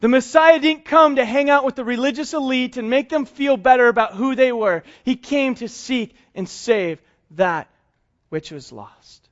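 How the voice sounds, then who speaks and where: A male pastor preaching a sermon, telling a story and acting out its quotes in soft, hushed tones. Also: very high-pitched, moderate pace, muffled recording.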